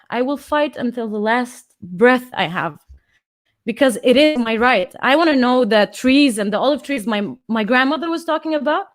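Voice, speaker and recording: A woman in her twenties, from Austria, performing impassioned spoken word poetry and then chatting emotionally at an online conference over a video call. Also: fairly high pitch. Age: 20s. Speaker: poet and singer at an online conference.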